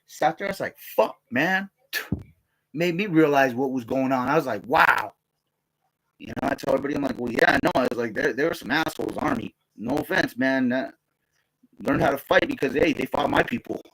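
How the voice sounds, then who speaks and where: A man's voice: medium pitch, a little fast, a bit bright. A middle-aged man from the United States, an army veteran, telling stories in a rambling, profane way and often stammering and laughing. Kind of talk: casual rambling monologue.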